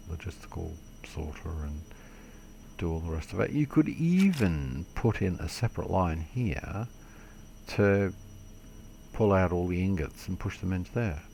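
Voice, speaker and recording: Deep gravelly guy rambling slowly thru a game tutorial, swears a bit, laughs at his own mistakes. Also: warm tone, a little hiss or hum. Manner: rambling, self-deprecating, mild swearing. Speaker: gaming video creator. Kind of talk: casual game tutorial commentary.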